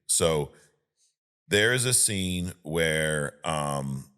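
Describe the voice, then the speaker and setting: A man in a casual podcast chat, swearing freely and retelling movie scenes with lively energy. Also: very deep voice, extremely slow, clear, resonant tone. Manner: profane, animated storyteller who acts out scenes. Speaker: podcast co-host.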